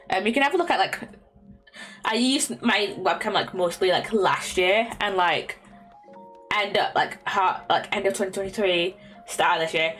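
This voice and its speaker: A woman's voice: medium pitch, normal speed, a bit bright. A young woman chatting casually on a stream from her bedroom, rambling with lots of fillers, restarts and little laughs. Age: young adult. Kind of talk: casual chat. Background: faint lo-fi music.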